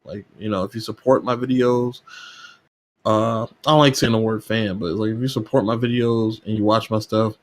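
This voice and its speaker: A man's voice: fairly even intonation, normal speed. Fired-up, swearing podcast guest man. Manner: heated, profane rant with rising pitch. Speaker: podcast guest, gaming YouTuber. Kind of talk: casual podcast chat.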